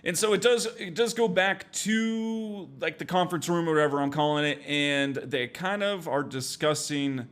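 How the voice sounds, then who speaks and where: A man co-hosting a casual video game podcast, talking through a walkthrough in a laid-back way, chuckling often and getting animated when he jokes. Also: on the high side, moderate pace, hardly any pauses. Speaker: podcast co-host.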